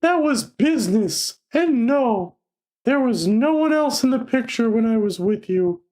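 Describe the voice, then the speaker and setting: A woman reading aloud the lines of a domineering male romance hero in her own voice, flat and stumbling. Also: a little high, measured pace. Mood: cold.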